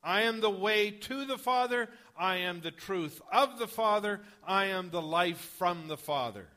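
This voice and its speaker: A man's voice: sits high, lively intonation, a little slow, pushed and bright, full character voice. A man voicing a male teacher making emphatic, solemn declarations.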